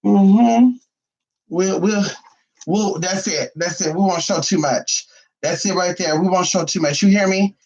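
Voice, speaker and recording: A man vlogging casually from home, sassy and profane, cooing baby talk at his dog, his voice a little hoarse. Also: high-pitched, measured pace, darkish tone, lo-fi sound. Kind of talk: casual chat to camera.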